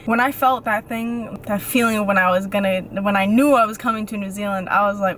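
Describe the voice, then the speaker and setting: A young woman vlogging in a chatty, animated way, repeating phrases for emphasis. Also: medium pitch, fast, few pauses, slight background noise. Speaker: faith vlogger. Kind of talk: casual talk to camera.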